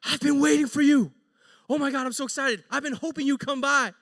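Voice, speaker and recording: A man preaching, acting out an excitable young man who exclaims breathlessly. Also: very high-pitched, fairly quick, no room sound, clean studio sound, voice pushed up. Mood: excited.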